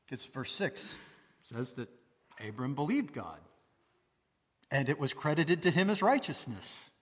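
A man's voice: medium pitch, sing-song, measured pace, husky, in a large hall. A man preaching a sermon in a conversational way, posing rhetorical questions to his listeners. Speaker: pastor.

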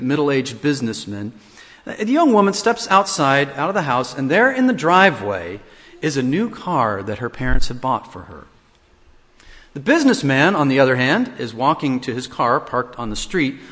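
A man preaching a sermon, expressive, acting out quoted lines with big swings in his voice. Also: fairly high pitch, long reverb tail. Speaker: pastor.

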